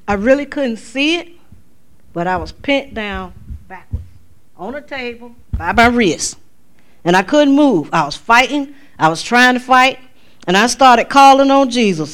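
A woman, telling a testimony in church, her voice climbing high when she quotes herself. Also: unhurried. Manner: animated storytelling, voice climbing high for quoted exclamations. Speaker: speaker giving a testimony at church. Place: church sanctuary.

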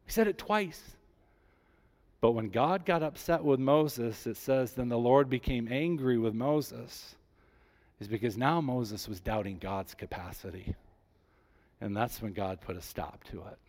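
A man preaching a sermon, rising with emphasis and dropping low and soft when he voices God's words. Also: measured pace. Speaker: pastor.

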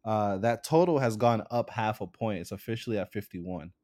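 A man's voice: fairly low pitch, normal speed, dark tone, no echo, studio quality. A man co-hosting a sports podcast in a laid-back casual way, going over betting lines. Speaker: podcast co-host.

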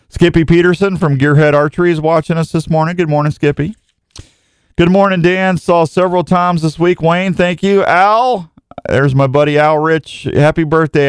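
A man hosts an outdoors show in relaxed live chat. He rambles in a folksy, eager way. His voice is smooth and resonant, recorded dry with no room sound. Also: medium pitch, dry recording.

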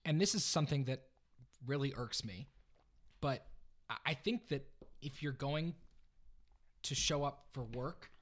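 Male podcast co-host, mid-pitched, opinionated and animated, casual delivery. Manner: animated, opinionated, quick to joke. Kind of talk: casual chat.

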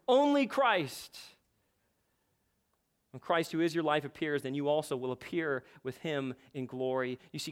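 Man, pastor, sermon, high-pitched, impassioned emphatic delivery. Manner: impassioned preaching, building to emphatic peaks.

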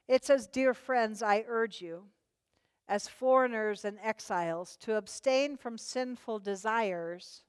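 A woman preaching a sermon with passion, swinging between loud emphatic lines and hushed, low asides. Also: smooth, clean studio sound. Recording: long hall reverb.

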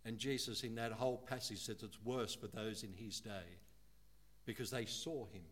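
A male pastor preaching a sermon in church. He speaks earnestly, slowing down to stress key words and growing animated when he acts out how people talk. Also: on the low side. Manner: earnest, animated when quoting, slows for emphasis.

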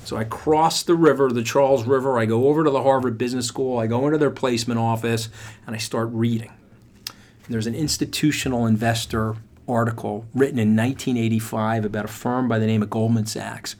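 A middle-aged podcast host tells a motivational story, animated and emphatic, speaking directly to his listeners. His voice is medium-pitched and a little fast.

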